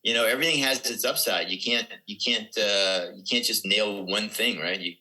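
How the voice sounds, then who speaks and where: Older comic guy rambling through old stories on a podcast, kinda low, very sharp sounding. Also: normal speed, rough recording. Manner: rambling anecdotes with quoted dialogue. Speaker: comedian guest. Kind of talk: casual storytelling on a podcast.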